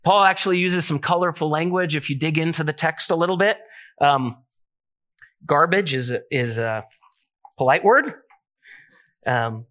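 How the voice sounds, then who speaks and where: A man's voice: fairly high pitch, a bit bright. A man preaching a sermon in a casual, conversational way, mixing scripture with self-deprecating family stories. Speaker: pastor.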